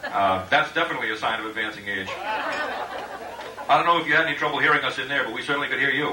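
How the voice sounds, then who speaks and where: A middle-aged man giving a joking roast speech at a party, halting with many uhs and laughing at his own jokes. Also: medium pitch, over a noisy crowd. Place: party room with guests. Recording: echoey room, distant mic, background noise.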